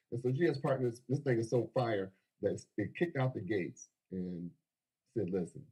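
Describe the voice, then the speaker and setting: A man with a husky, average-pitched voice talks in an excited livestream sales pitch. He is animated and preachy and laughs often between his points. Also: rough recording. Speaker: crypto promoter.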